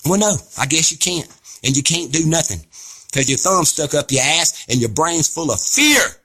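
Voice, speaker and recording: A man's voice: a little high, sing-song, normal speed, sharp tone, slightly rough. A man delivering an impassioned, preachy rant to camera, fiery, scolding, blunt and profane. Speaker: vlogger.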